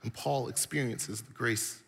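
A man's voice: medium pitch, fairly even intonation, a little slow, vocal fry, fairly bright tone. A man preaching a sermon, telling stories with animation and building his points through repetition. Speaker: pastor.

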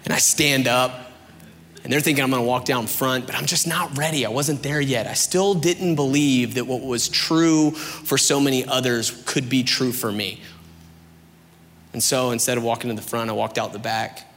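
A young man preaching and telling his own story in a casual, animated way, with lots of "like" and "you know". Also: mid-range voice, moderate pace, big-room sound. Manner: conversational, animated storytelling with many fillers. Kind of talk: sermon with personal testimony.

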